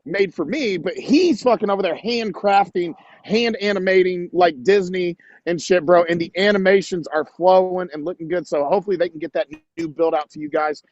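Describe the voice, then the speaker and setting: A man with a high voice hyping up a friend with sweary enthusiasm. His voice comes through a dull, lo-fi mic. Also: a little fast, hardly any pauses, a little mellow, no room sound. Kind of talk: casual chat.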